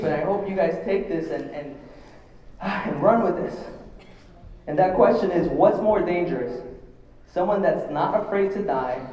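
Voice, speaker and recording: Fervent young motivational speaker, high voice, heard from far back in a big echoey hall. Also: male voice, darkish tone, slight background noise. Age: 20s. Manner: fervent, rallying the crowd with questions; emotional, near tears. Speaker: motivational speaker at a company event. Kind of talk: motivational stage speech. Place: large event hall.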